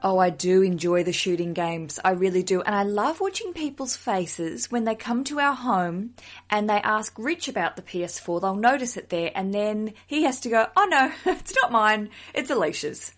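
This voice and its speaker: A woman hosts her own podcast alone at the mic, chatting casually with her listeners. She is self-deprecating and quick to laugh, and her voice sits at an ordinary middle pitch. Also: animated. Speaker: podcast host. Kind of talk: casual solo podcast chat.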